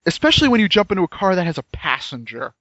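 A man's voice: high voice, very animated, fast talker, a bit bright, dry recording. A man chatting casually and enthusiastically about a game, rambling with frequent restarts, on dull lo-fi audio. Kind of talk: casual chat reviewing a game.

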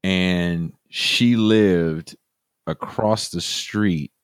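Podcast host, man with a very low voice, sardonic and casual, dry close sound. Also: extremely slow, clean tone, no room sound. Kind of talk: casual storytelling.

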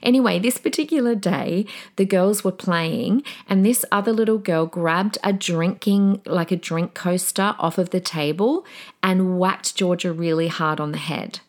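Woman podcast host, middle-aged, casual parenting chat, animated storytelling, soothing teacher tone in quotes, slightly low voice. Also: a little slow. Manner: shifts into a soothing teacher voice when quoting.

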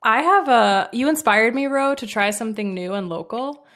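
A woman's voice: a little high, animated, normal speed, fairly bright tone. A woman, a dietitian guest, chatting casually on a podcast in a bubbly, giggly way. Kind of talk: casual chat.

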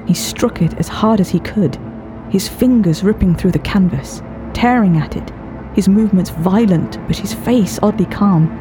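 A woman telling a first-person horror story in a measured, dramatic scripted narration. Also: on the low side. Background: faint eerie music.

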